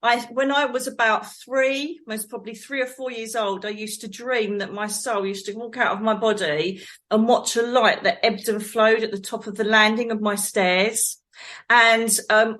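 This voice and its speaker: A middle-aged woman from England, a psychic medium guest telling her life story in a rambling, animated way, laughing often. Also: medium pitch. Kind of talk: conversational storytelling.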